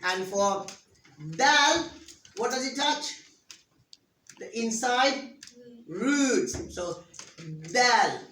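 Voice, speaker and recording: Heard from a distance in a roomy classroom with a faint hiss underneath, the teacher's middle-pitched, slightly bright voice draws out words and pauses often. She patiently questions pupils and models sounds for them to echo in an interactive lesson.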